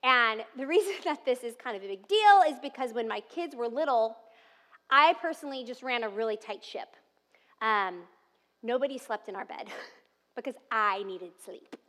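Woman pastor preaching, bright high-ish voice, storytelling with soft tender bits, big reverby church hall. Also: animated, moderate pace. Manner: warm storytelling with soft tender asides and laughs. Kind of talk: sermon. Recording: long reverb of a large hall.

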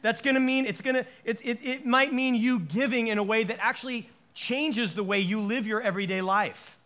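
A man preaching a sermon with a notably high voice. He delivers it animatedly, restarting phrases and acting out the quotes he tells. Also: fairly even intonation, moderate pace, fairly bright tone. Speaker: pastor.

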